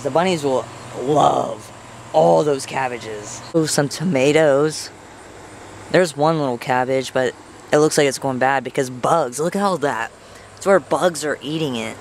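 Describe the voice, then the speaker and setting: A young adult man vlogging outdoors by a house and garden, talking in a rambling, earnest way. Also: a little hiss or hum. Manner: rambling and earnest, voice jumps high when talking to pets. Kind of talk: casual vlog talk.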